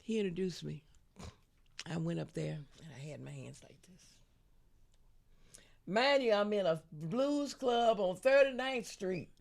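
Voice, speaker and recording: An older woman in her seventies tells stories from her singing days with a lively, animated delivery. Her voice has a gravelly edge. She laughs often and slips into sung lines mid-story. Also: mid-range voice, unhurried, long pauses. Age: 70s. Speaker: guest singer. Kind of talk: storytelling interview.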